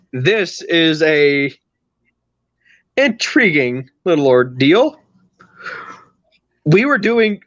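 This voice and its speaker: A man's voice: on the high side, fairly bright tone, no room sound, lo-fi sound. A man hosting a podcast, telling a long story in casual chat with a rambling, teasing manner. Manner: rambling, teasing, restarts a lot. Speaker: podcast host.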